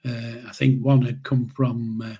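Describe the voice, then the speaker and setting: Gravelly grandad in his seventies. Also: medium pitch, level tone, mellow. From England. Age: 70s. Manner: rambling, halting, with chuckles. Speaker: channel host, grandfather. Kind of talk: casual spoken memoir storytelling.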